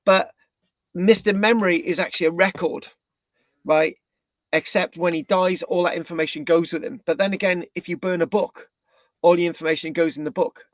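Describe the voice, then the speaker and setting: Male history presenter from Britain, slightly high voice, dry close sound, loose rambling lecture delivery with many restarts. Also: fairly even intonation, normal speed, no echo. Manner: rambling, with frequent restarts and tag questions. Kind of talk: live online history talk.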